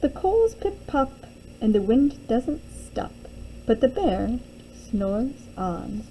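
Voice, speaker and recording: A woman's voice: on the high side, very animated, slow, dark tone, a little hiss or hum, low-quality recording. A young adult woman teacher reading a children's picture book aloud, with sing-song storytelling and little character voices.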